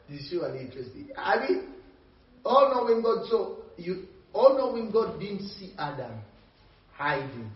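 A man's voice: high voice, takes it slowly, long pauses. A male preacher delivering a sermon, checking in with his listeners and laughing between points. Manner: animated, calls out to the congregation, laughs between points. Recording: dull, echoey, distant mic.

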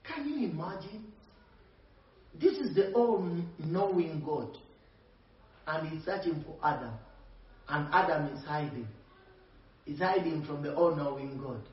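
High, lively man preaching in an echoey room. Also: unhurried, long pauses. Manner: animated, calls out to the congregation, laughs between points. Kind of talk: sermon. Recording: dull, echoey, distant mic.

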